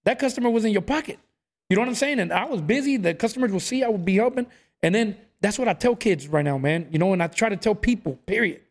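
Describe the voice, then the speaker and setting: A man's voice: high voice, fast talker. A man telling stories in a casual chat, acting out what people said. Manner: animated storyteller, acts out quotes, says "bro" a lot.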